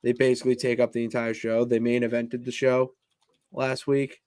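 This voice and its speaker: A man's voice: mid-range voice, level tone, normal speed, a little mellow, clean tone, no room sound. A man co-hosting a casual wrestling podcast, easygoing and laid-back as he gives his takes. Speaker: podcast co-host.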